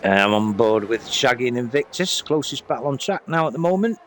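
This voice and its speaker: Male race caller, casual and chatty, mid-pitched, with faint background noise on the line. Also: lively intonation, fairly quick, fairly bright tone. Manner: casual, chatty, apologetic asides. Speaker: race commentator. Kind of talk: sim racing commentary.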